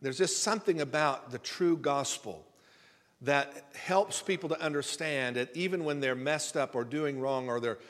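A male pastor delivers a conversational sermon in a church sanctuary, folksy and rambling, often repeating words to build emphasis. His voice is fairly high, fairly bright in tone, at normal speed, and the recording has reverberant hall sound.

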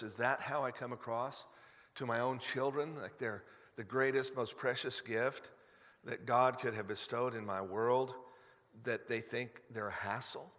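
A man's voice: mid-range voice, a bit bright. A middle-aged man, a pastor, preaching a sermon in a conversational, confessional way with frequent restarts, rising to emphatic peaks. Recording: long hall reverb.

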